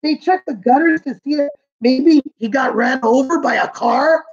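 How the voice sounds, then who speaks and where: A woman's voice: high voice, moderate pace, muffled recording. A woman, a kindergarten teacher, reading a picture book aloud and explaining it to children. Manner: warm, explaining pictures and words to kids.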